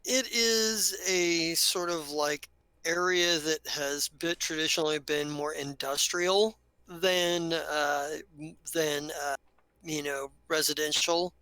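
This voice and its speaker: A man's voice: on the high side, fairly even intonation, takes it slowly, pushed and bright, clear, resonant tone, no echo, rough recording. A man narrating a tabletop role-playing game as game master, rambling with many fillers and restarts.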